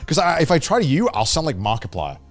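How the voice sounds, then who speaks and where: A man hosting a casual podcast chat, playful and quick to laugh, slipping into comic voices. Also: a little high, wildly swooping pitch, faint music behind. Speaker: podcast host.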